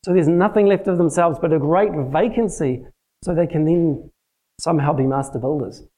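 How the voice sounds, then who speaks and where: A man's voice: fairly high pitch, normal speed, warm tone, low-quality recording. A man teaching a church group in a plain, conversational sermon, using practical everyday examples. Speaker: church teacher leading a prayer session.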